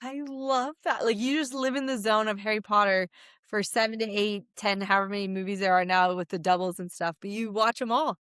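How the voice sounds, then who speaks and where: A woman in her thirties co-hosts a casual podcast chat, animated and full of filler words. Her voice is smooth and resonant. The sound is dry and close, with no room around it. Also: medium pitch, a little fast, no room sound. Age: 30s. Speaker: podcast co-host.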